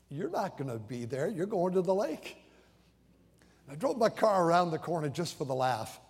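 A man's voice: a little high, a little mellow, husky. An older man preaching a sermon in a conversational, storytelling way, often stammering and repeating his starts. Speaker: pastor. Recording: long hall reverb.

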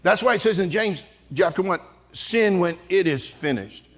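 Animated high-voiced preacher man. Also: normal speed, background noise. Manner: animated, comic, shouts at peaks. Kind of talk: storytelling sermon. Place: large church auditorium before an audience.

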